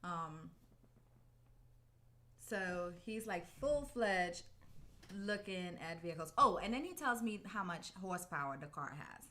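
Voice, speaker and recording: Chatty wife laughing through a story. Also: female voice, on the low side, lively intonation, a little slow, pauses often, sharp tone. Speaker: podcast co-host. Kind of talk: casual couple's podcast chat.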